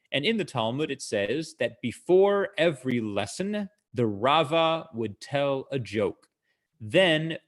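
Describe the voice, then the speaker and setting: A male comedian casually telling jokes and stories over a video call, with frequent fillers, stopping to explain his punchlines. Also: mid-range voice.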